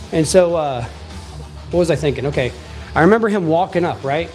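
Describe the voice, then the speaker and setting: Animated man telling a story, fairly high voice. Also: a little fast, long pauses, faint music behind. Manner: animated, emphatic, swears casually. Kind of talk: casual storytelling.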